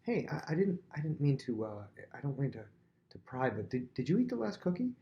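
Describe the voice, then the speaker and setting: A man's voice: mid-range voice, very animated, brisk, dull audio, voice pushed up. A man voicing a timid, non-confrontational person who stammers and apologizes while asking a question.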